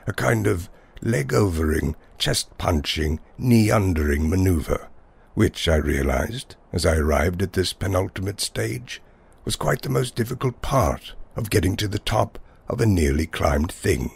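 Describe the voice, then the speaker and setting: A man's voice: deep voice, expressive, unhurried, vocal fry, breathy edge. A man narrating a whimsical first-person story in a wry, wordy style.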